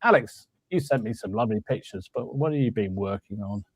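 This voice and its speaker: A man's voice: lowish voice, expressive, a little fast, slightly rough, dry recording. A man hosting a live hobby podcast, chatting casually, greeting viewers by name and laughing often. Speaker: podcast host. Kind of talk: casual live-stream chat.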